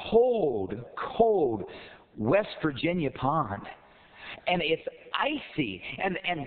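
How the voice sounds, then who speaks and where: A man voicing a whiny, eager little green frog stuck in a cold pond, complaining in a high, excited voice. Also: exaggerated voice. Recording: tinny phone-like sound.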